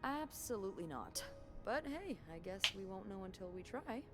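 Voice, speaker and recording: An actress voicing an upbeat, crafty hotel worker who grew up on a farm, talking in a lively, good-humored way. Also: female voice, mid-range voice, moderate pace, close to an everyday voice. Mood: cheerful. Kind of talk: voiced game dialogue. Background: game music.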